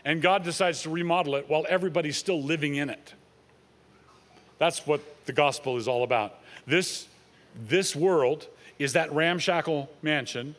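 A man's voice: on the high side, moderate pace, a bit bright. A man preaching an expository sermon, reading scripture aloud and explaining it in earnest. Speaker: pastor.

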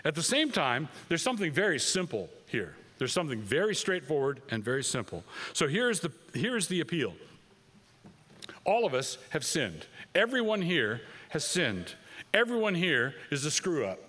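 Man, pastor, sermon, lively swooping pitch, slightly high voice, emphatic repetition. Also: normal speed. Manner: emphatic, repeats phrases for stress.

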